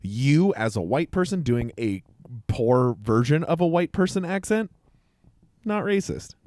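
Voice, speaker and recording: A man's voice: a little high, very animated, measured pace, darkish tone, no room sound. Laid-back podcast guy, dry mic. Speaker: podcast co-host. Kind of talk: casual chat.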